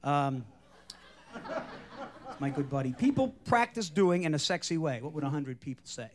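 A man hosting a television game show, teasing the contestants in an animated, joking way. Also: a little high, moderate pace. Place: television studio stage. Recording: archival TV broadcast with loud studio audience.

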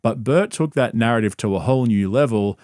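A man narrating a scripted commentary video in a measured, explanatory way. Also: mid-range voice, a little mellow, no room sound, clean studio sound.

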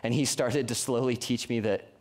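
A young man gives a youth sermon in a plain, mid-pitched voice. He talks earnestly and conversationally, often doubling back on his words as he works through a point. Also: steady tone, normal speed, darkish tone. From Colorado. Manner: earnest, conversational preaching with frequent restarts. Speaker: youth pastor. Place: church youth service.

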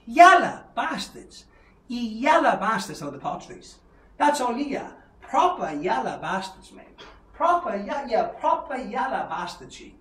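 A man's voice: very high-pitched, fairly bright tone, echoey room, recorded from a distance. A man with an Irish Traveller accent, ranting in a taunting callout video, hurling repeated insults and mocking laughs. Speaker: vlogger issuing a challenge.

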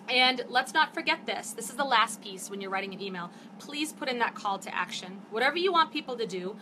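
Background noise runs under this somewhat high-pitched female voice. The speaker, a network marketing host in her fifties, talks to live stream viewers through a phone or webcam, chatty and animated, and she grows more fired up as she continues.

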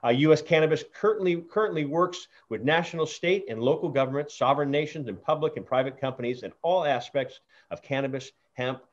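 A chatty man hosting an interview show, speaking in a halting way with many fillers and restarts. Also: mid-range voice. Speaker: show host. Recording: dull lo-fi audio.

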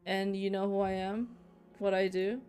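A woman's voice: mid-range voice, little pitch movement, moderate pace, darkish tone, faint music behind, lightly acted. A woman reading aloud the lines of a smug, menacing English man who patrols the sea in a story game. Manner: self-satisfied, boastful.

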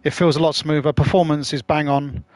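A man's voice: fairly high pitch, level tone, a little fast, darkish tone, no echo. A man chatting casually to his live-stream audience as he plays, rambling, swearing and using slang. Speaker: gaming streamer.

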